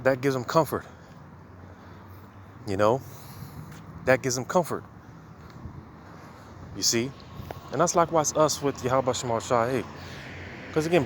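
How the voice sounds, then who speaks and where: Reading scripture aloud and talking it through, this man preaches casually, sprinkling in "man" and "you know" again and again. He speaks at a medium pitch against slight background noise.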